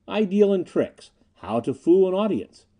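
A man voicing a calm, dryly amused male American stage magician in his late thirties in an audiobook. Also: high voice, a little slow, voice pushed up, full character voice.

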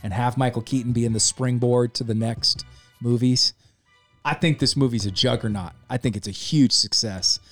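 Excited man recapping a movie. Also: mid-range voice, moderate pace, faint music behind. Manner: animated, acts out scenes, laughs, swears. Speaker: podcast co-host. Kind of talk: casual movie review chat.

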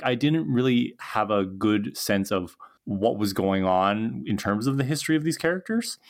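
A man co-hosting a podcast, talking enthusiastically and reflectively about an episode in casual chat. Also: medium pitch. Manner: enthusiastic, reflective, talks in long musings. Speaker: podcast co-host.

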